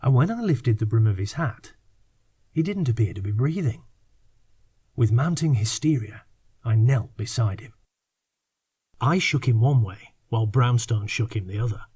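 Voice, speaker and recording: A man narrating a fiction audiobook in measured, unhurried reading. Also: mid-range voice, animated, dark tone, husky. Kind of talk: scripted narration.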